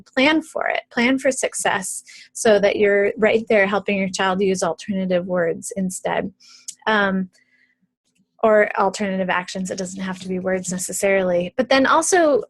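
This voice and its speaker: A woman's voice: medium pitch, dry recording. Chatty woman teaching parents, dry sound. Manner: conversational, many ums and restarts. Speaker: early childhood educator. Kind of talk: video tutorial for parents.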